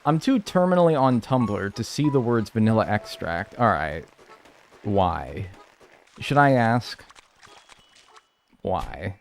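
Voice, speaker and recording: A man's voice: lowish voice, animated, slow, gravelly, long pauses, slight background noise. A man streaming live, chatting casually and joking as he reads and answers his chat.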